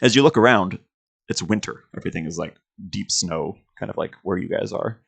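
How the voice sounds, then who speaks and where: A man's voice: low-pitched, brisk, vocal fry, slightly rough. A man running a tabletop game as game master, narrating scenes in a rambling way full of fillers. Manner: rambling, filler-heavy description.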